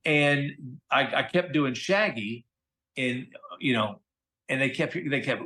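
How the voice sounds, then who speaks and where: A middle-aged man, a voice actor who is a guest in a casual interview, telling stories in an animated, slangy way. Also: mid-range voice, a little slow. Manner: animated, chatty storyteller, slangy with "dude" and "okay?".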